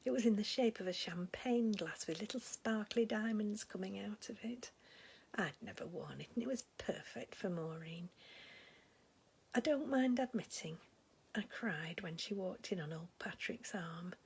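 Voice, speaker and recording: A woman's voice: medium pitch, expressive, normal speed, a little mellow, a little hiss or hum. A woman playing a gossipy, sentimental older village lady in a comic monologue, with a chatty, rambling way of talking. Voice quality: very breathy, husky voice.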